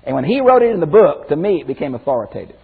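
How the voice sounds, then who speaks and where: Folksy preacher, husky, lively pitch. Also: male voice, very fast. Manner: folksy, animated, shifts from loud exclamations to quiet emphasis. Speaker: pastor teacher. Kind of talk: expository Bible teaching. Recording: phone-like audio with long hall reverb.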